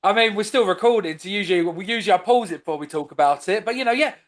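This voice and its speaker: A podcast host, a man with a high-pitched voice, talks in a loose, rambling way and swears freely. His banter with his guest feels relaxed and offhand. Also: racing. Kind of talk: casual podcast chat.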